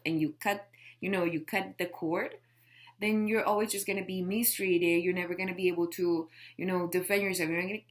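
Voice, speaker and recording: A woman's voice: fairly low pitch, a bit bright. A woman life coach giving a casual motivational talk to camera, emphatic and full of rhetorical questions. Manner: emphatic, peppers speech with rhetorical questions and "right?".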